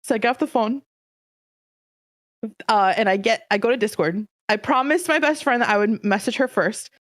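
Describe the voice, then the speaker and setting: A woman's voice: fairly high pitch, moderate pace, no room sound, clean studio sound. A woman in casual podcast talk, telling a story with emotion and animation. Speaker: streamer guest.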